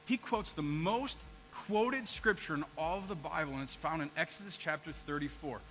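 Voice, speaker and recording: A man's voice: on the high side, normal speed, bright, forceful tone, a little hiss or hum, poor audio. A man preaching a sermon in church, acting out people's complaints to God and asking his congregation questions. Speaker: pastor.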